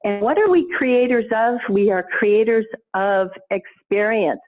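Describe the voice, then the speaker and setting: A woman guest telling a story in a conversational interview, animated and laughing often, with expressive swings in her voice. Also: medium pitch, measured pace, hardly any pauses. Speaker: podcast guest, intuition teacher. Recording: tinny phone-like line.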